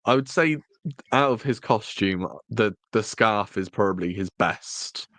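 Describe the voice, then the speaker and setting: A man co-hosting a casual review podcast, chatty and jokey, with a fairly low voice. He talks slowly, and the sound is dry and close to the mic. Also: a bit bright, dry recording. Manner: chatty, jokey, with frequent restarts. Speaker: podcast co-host. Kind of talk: casual chat.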